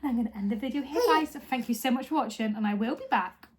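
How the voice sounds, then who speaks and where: Young woman vlogging at home, high voice, chatty and emotional, says sorry a lot. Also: fast talker, very noisy. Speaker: lifestyle vlogger. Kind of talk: casual chat to camera.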